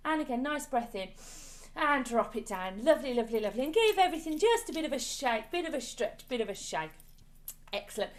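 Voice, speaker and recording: A woman leading an online choir warm-up from home over a video call, chatty and encouraging, coaxing the group along with repeated praise. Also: high voice, sing-song, fairly quick. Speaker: choir leader. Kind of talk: online singing warm-up class.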